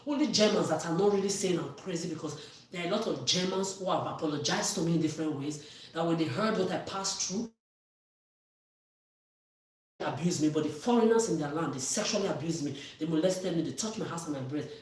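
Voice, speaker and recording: A woman vlogger delivers an angry, accusatory monologue, swearing and frequently raising her voice. She speaks briskly in a low-pitched voice. The recording sounds echoey, with her far from the mic.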